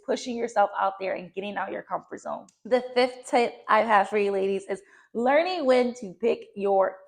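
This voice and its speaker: A woman's voice: medium pitch, vocal fry. A young woman giving encouraging, direct self-improvement advice to her viewers, repeating key phrases for emphasis. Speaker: lifestyle vlogger. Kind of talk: motivational advice to camera.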